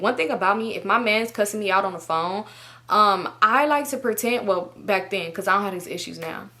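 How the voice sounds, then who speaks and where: A woman's voice: medium pitch, expressive, fast talker, bright, forceful tone. A woman in her twenties telling a storytime, casual and laughing, with plenty of swearing. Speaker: YouTuber. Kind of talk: storytime vlog.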